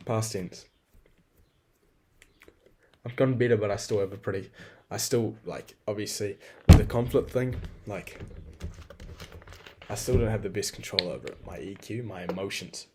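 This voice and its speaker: A man's voice: fairly low pitch, a little mellow, slight background noise. A young man talking through a rambling, frank personal monologue, swearing freely and poking fun at himself. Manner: rambling, swears a lot, frank and self-deprecating.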